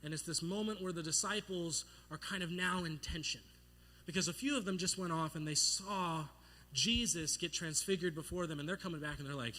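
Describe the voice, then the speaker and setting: A young male pastor delivers a sermon in a bright, forceful voice that sits a little high. He tells stories in a playful, animated way and acts out the voices of the people in them. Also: a little fast. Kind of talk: sermon with storytelling.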